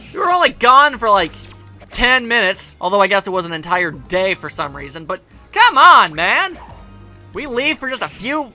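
A man's voice: very high-pitched, sharp tone. A man giving casual let's play commentary, rambling and sarcastic, joking at the game's characters.

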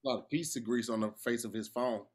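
A man co-hosting a casual podcast, cracking jokes in an animated way. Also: mid-range voice, fast. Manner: joking, animated. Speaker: podcast co-host. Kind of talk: casual debate chat.

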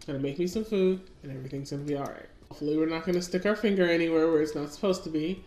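Racing along in a low, warm voice, this woman comments casually on her game and chats with the characters on screen as a let's-play gamer. Her recording has an echoey room sound and faint music.

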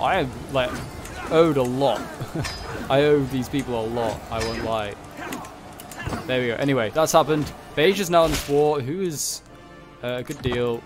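A young man giving casual commentary on a strategy game, thinking aloud and muttering quick reactions. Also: mid-range voice. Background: background music.

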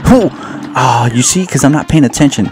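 Game music plays behind a gaming channel host who narrates his own gameplay casually, fairly quick and medium-pitched with lively intonation. His commentary is jokey and self-mocking, and he repeats words.

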